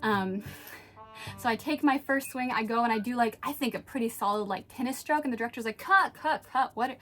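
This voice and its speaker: Animated young woman telling a story. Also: fairly high pitch, fairly quick, faint music behind. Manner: animated, acts out quoted voices, laughs often. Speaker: vlogger. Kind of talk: casual storytelling.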